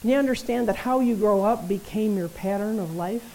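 A woman preaching a sermon in a conversational, animated way, often checking in with her listeners. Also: mid-range voice, moderate pace, poor audio. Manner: conversational, animated, tag questions.

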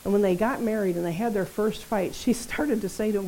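A woman preacher gives a sermon in a relaxed, animated, conversational manner, often tossing quick tag questions to her listeners. Her medium-pitched voice is mellow and warm rather than bright, and the low-quality recording has a faint hiss underneath.

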